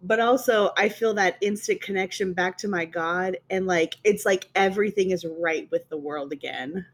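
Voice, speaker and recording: A woman's voice: fairly low pitch, normal speed. Earnest woman player at the table. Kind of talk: tabletop game play.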